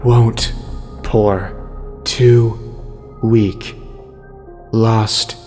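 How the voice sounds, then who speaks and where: A man's voice: lowish voice, flat delivery, very slow, darkish tone, soft background music. A man voicing a cruel inhuman entity living inside someone's ear, speaking in broken one- and two-word fragments, cold and taunting. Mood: mocking.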